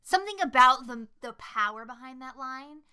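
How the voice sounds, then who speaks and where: A woman's voice: high-pitched, moderate pace, clear, resonant tone. A woman co-hosting a casual podcast chat about movies, swearing freely and acting out the lines she quotes. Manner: swears a lot, animated retelling with quoted lines. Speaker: podcast co-host.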